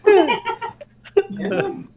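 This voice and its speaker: A man's voice: very high-pitched, extremely slow, creaky, darkish tone. A man chatting casually on a friend's stream, easygoing, chuckling often and telling little anecdotes.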